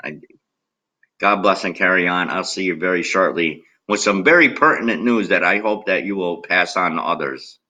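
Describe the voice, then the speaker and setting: A man's voice: low-pitched, moderate pace, bright, forceful tone, poor audio. A man ranting angrily to camera as a political video blogger, swearing constantly and addressing viewers directly. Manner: agitated, heavily profane, talks straight at viewers. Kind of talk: angry rant to camera.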